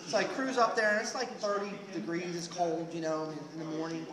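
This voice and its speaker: A man's voice: a little high, fairly even intonation, a little fast, reverberant, a crowd in the background. A man telling a comic story live, rambling with many fillers and restarts.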